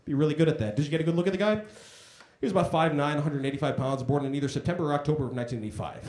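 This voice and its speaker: A man's voice: on the high side, rapid-fire, few pauses, a little mellow, a little hiss or hum. A man doing a stand-up comedy set on a club stage, talking in a conversational, self-deprecating way and acting out voices in his stories. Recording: echoey comedy club room.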